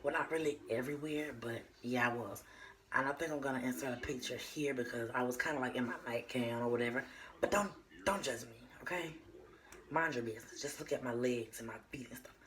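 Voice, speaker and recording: A woman's voice: extremely low pitch, fairly even intonation, fast talker, a bit bright. A young Southern woman from Georgia telling a storytime vlog to her viewers, chatty and playful, slipping into whispers, a bit out of breath. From South Georgia, USA. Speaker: vlogger.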